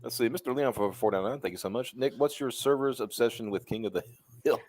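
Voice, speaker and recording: Fast-talking male stream host. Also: medium pitch, a little mellow. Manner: reads viewer donations, quick back-channel replies. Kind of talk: casual live-stream chat.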